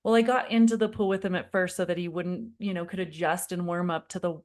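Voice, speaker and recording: A woman parenting coach in her thirties leads a live online workshop in a slightly low voice. She speaks frankly and confidingly, calls her listeners friend, and shares her own mistakes. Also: fairly even intonation, a little fast. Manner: warm, confiding storyteller who addresses viewers as friend; acts out her own past pleading in quoted lines.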